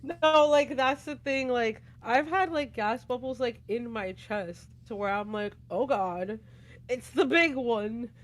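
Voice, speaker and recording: A woman's voice: on the high side, takes it slowly. A woman co-hosting a livestream in easygoing, chatty talk, laughing often. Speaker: livestream co-host. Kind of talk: casual livestream chat.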